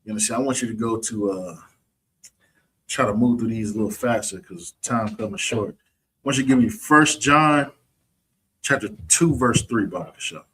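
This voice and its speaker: A man's voice: lowish voice, normal speed, pushed and bright, a little hiss or hum. A man teaching a streamed scripture lesson in a preachy, mocking way, often checking whether listeners understand. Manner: preachy, mocking, keeps asking "you understand?".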